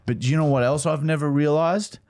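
A man's voice: a little high, brisk, a little mellow. A man co-hosting a comedy podcast, doing crude, mock-aggressive ad reads. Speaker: podcast co-host.

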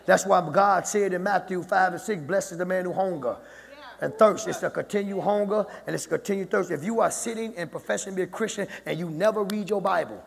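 Male pastor, high gravelly voice, sermon rising to shouts, long church reverb. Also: a little fast. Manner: preaching that builds to shouting. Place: church sanctuary.

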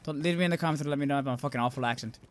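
A young man commentating a video game with loud outbursts, heavy swearing and self-mocking asides. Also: medium pitch, racing, noisy background. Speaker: gameplay commentator. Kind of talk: swearing, excitable let's-play commentary.

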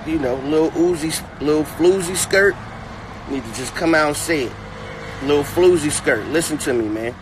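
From inside a car, a man with a fairly high-pitched voice delivers a profane, mocking comedic rant as a commentator. He is animated and repetitive, and the background is noisy.

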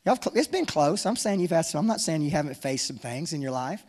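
A man preaching a sermon as pastor, animated and humorous, urging his congregation on. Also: fairly high pitch, quick pace, big-room sound.

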